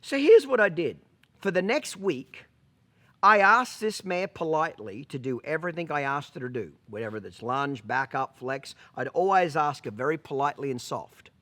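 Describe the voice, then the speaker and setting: Blunt, forceful horse trainer. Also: male voice, on the high side, lively intonation, moderate pace. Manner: blunt, profane, emphatic with rhetorical okays. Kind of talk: storytelling vlog.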